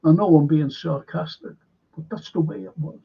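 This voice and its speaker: A man in a rambling, opinionated monologue, halting and repeating words, with a sarcastic edge. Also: a little high, creaky, breathy edge, dull audio.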